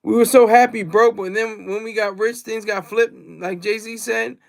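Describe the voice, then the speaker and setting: Guy with a really high voice just rambling on his livestream, keeps repeating stuff. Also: steady tone, normal speed, creaky. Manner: rambling and repetitive, reads chat aloud. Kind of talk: casual livestream monologue.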